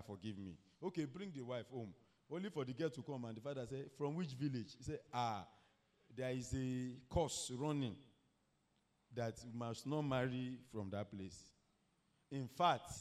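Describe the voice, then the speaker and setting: A middle-aged man preaching a sermon, telling a story and asking the congregation questions, with sudden shouted peaks. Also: mid-range voice.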